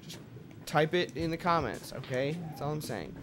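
Excitable young male let's play host, bright and fairly high voice, jokey and prone to yelps, game music faint underneath. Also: moderate pace. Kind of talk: gameplay commentary.

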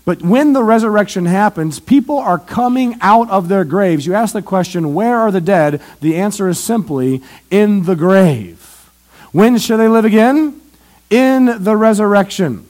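A man preaching an evangelistic sermon in a church, asking questions and answering them, swinging from loud emphasis to hushed asides. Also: high voice, unhurried.

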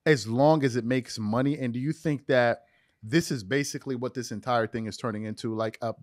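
A man hosts a podcast interview, putting questions to his guest in a conversational manner. His voice sits at a middle pitch for a man. The sound is close and dry, with no room echo. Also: a little fast. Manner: conversational, reads quotes aloud. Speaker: podcast host.

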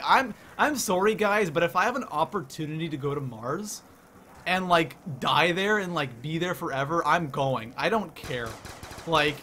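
A young man from Canada hosting a live game stream, excitedly reading the chat out loud. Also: a little high, slight background noise.

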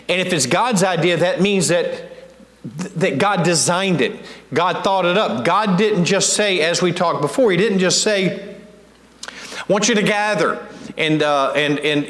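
A male pastor giving a teaching-style evening sermon, talking in a conversational, halting way with many restarts and asking the congregation questions. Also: high-pitched, a bit bright. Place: church sanctuary. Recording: echoey church hall.

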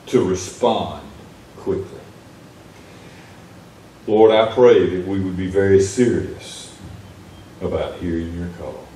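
Man, hushed reverent prayer, lowish voice, faint rumble. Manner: quiet, reverent, fading softer. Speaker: preacher. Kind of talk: closing prayer. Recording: echoey church room from far off.

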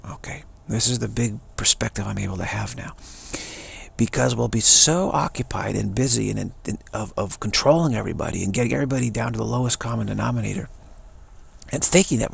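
Man, rambling spiritual monologue, husky, gravelly fry, halting restarts. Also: on the low side. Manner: halting, many restarts, mock voices for others. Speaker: spiritual commentator.

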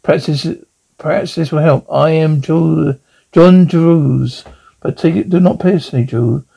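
Alien from mars, calm and formal, low husky voice guy doing it. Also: unhurried, heavily acted, low-quality recording.

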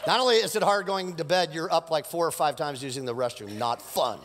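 Man, middle-aged pastor, animated sermon, joking with the crowd, long hall reverb. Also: fairly high pitch, brisk, few pauses, a little hiss or hum. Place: church sanctuary.

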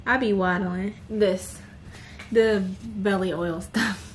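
In a medium-pitched, steady voice, a woman talks slowly to her viewers while cooking in her home kitchen, filming handheld for a casual vlog. She's laid-back and chatty, repeatedly addressing the audience, with slight background noise.

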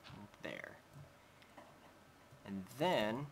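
A young gaming host talking slowly with a bright, forward tone. He narrates his Minecraft building step by step and chats to his pet. A faint hum sits under his desk mic. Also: lowish voice, expressive. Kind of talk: casual Minecraft let's play commentary.

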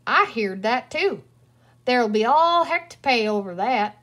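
A woman's voice: a little high, animated, a little slow, fairly bright tone. A woman voicing a dry, withered little old green woman who cackles and speaks in a folksy cowboy drawl. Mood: gossipy gleeful.

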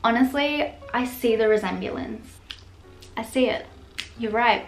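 A woman's voice: a little high, a little slow, over loud music. A young woman chatting casually in a home vlog, playful and sarcastic, laughing often as she reads comments aloud. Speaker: YouTuber.

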